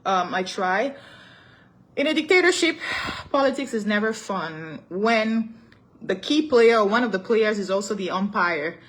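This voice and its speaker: A young woman with a Cameroonian accent hosts a casual live-stream talk show, greeting commenters by name and switching easily between English and French. Her medium-pitched, fairly bright voice is expressive and unhurried, and she laughs often.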